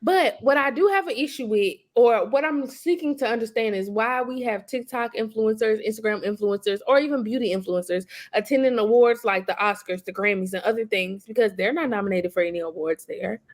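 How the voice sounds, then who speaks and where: Brief: woman co-host from Boston, higher pitch, blunt and slangy in casual podcast chat. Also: a little fast, hardly any pauses.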